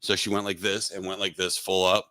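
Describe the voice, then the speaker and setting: A man's voice: low-pitched, level tone, brisk, pushed and bright, no room sound, clean studio sound. A man hosting a casual podcast chat, joking in crude banter. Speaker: podcast host.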